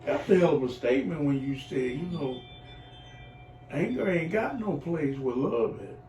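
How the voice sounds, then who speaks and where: Earthy, animated middle-aged man telling his story. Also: on the high side, normal speed, faint music behind. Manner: earthy, animated storytelling, acting out neighbors' voices. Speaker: client in a recovery program. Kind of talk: heartfelt personal testimony. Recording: echoey room, voice from far off, faint noise.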